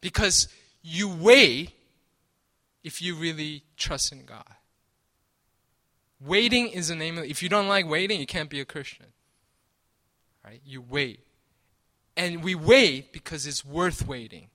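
High, bright-voiced male preacher. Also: unhurried, long pauses. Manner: repeats "right?" often, restarts and stammers. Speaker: pastor. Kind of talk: sermon.

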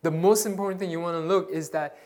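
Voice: medium pitch, steady tone, quick pace, a little mellow. A pastor preaching a sermon, earnest and exhorting, often repeating words while searching for the next phrase.

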